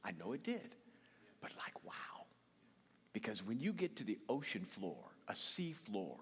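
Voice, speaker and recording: Husky animated preacher in a reverberant hall. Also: male voice, mid-range voice, measured pace. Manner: dramatic storytelling, acts out quoted voices, swings from loud to hushed. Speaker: bishop preaching. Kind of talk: sermon. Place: large hall used for church services. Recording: long reverb of a large hall.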